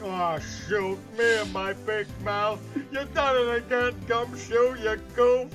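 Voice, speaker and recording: Guy playing a clumsy gruff detective, blustery and kinda goofy, game fan dub. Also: sits high, flat delivery, slow pace, music in the background. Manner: blustery, self-deprecating. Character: gruff bumbling male police detective. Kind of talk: fan voice acting of a game playthrough.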